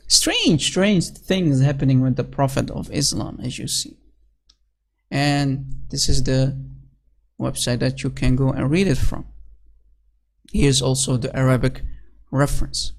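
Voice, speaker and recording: A sarcastic solo commentator who reads source titles and numbers aloud, then sneers at what they say. The delivery is scornful and mocking, padded with "basically" and "you know". The voice sits at a middling pitch. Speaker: online religious critic. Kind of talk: solo commentary reading and mocking religious texts.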